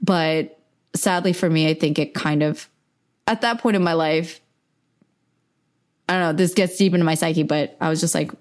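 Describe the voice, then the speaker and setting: A woman's voice: low-pitched, normal speed, long pauses. A young woman hosting a podcast, candidly recounting a personal story in a chatty way, with frequent fillers and laughs. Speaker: podcast host.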